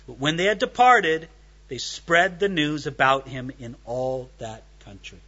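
A man's voice: fairly high pitch, expressive, takes it slowly, sharp tone, muffled recording. A man preaching an expository sermon, reading scripture aloud and explaining it verse by verse, acting out the voices in the text. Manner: reads scripture then explains it, dramatizes the speakers. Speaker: pastor.

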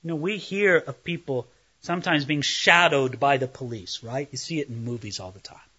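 A man's voice: mid-range voice, animated, normal speed, pushed and bright, husky. A man preaching an expository Bible sermon, emphatic and dramatizing the scripture passages he teaches. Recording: dull lo-fi recording.

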